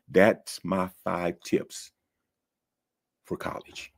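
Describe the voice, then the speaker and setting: A man's voice: deep voice, expressive, unhurried, gravelly, husky. A man giving casual, joking advice to new college students, often repeating words as he talks. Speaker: college advisor giving tips. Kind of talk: casual talk-to-camera advice.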